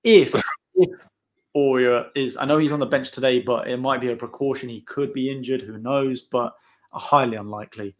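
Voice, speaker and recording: Hosting a live football watch-along for his channel, this man speaks with a medium pitch at a moderate pace. He's excitable, chatting away and calling each play in real time.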